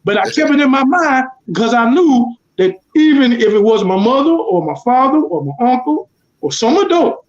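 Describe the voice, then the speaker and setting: A man's voice: very high voice, big pitch swings, moderate pace. A man in a casual chat, talking earnestly and repeating his points for emphasis. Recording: dull lo-fi sound.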